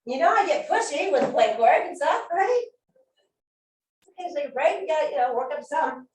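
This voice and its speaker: Fast-talking and expressive, a woman with a high voice guides a core class, keeping her cues upbeat, encouraging and chatty. The far-off mic catches plenty of room echo.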